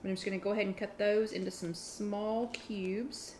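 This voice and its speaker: A woman's voice: medium pitch, steady tone, moderate pace, darkish tone, slight background noise. A woman hosting a casual live cooking chat from her home kitchen, talking in a chatty, rambling way and restarting her sentences. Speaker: online workshop host.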